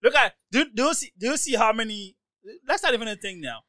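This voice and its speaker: A man's voice: very high voice, lively intonation, fast, bright, forceful tone, dry recording, rough recording. A man in a heated casual debate, pushing his point and repeating his questions.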